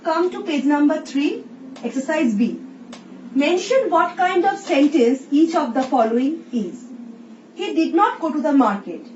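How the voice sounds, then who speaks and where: A woman teacher with an Indian English accent, slowly explaining a recorded English lesson and reading example sentences aloud. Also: high-pitched, expressive, darkish tone. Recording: roomy, distant, dull sound with faint hiss.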